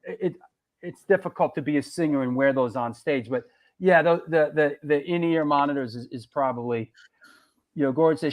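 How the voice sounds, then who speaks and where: A middle-aged man hosting a casual chat, rambling and restarting his sentences. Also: fairly high pitch. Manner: rambling, repeats words and restarts often. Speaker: host.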